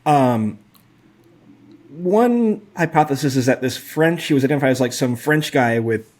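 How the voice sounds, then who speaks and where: A man's voice: medium pitch, lively intonation, normal speed, darkish tone. A man in his forties co-hosting a podcast, talking through data in a casual, hedging way with lots of fillers and a wry edge. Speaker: podcast co-host. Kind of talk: casual analytical chat.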